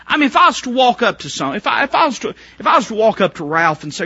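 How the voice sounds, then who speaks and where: A male preacher with a high, sharp voice and a husky edge delivers a sermon in fervent, stop-start bursts. He swings from quiet, low passages to loud ones. The recording is dry and sounds dull and lo-fi. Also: sing-song, rapid-fire, hardly any pauses, dry recording. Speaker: pastor.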